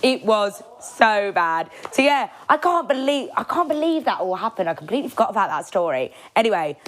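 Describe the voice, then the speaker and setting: A young woman hosting a solo podcast, telling a story in a chatty, animated way, acting out quotes and laughing often. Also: mid-range voice, fairly quick. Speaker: podcast host.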